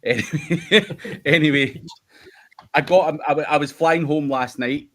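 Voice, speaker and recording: A man's voice: fairly high pitch, lively intonation, unhurried, a bit bright. Swearing, laughing Scottish man. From United Kingdom. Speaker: host. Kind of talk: casual livestream chat.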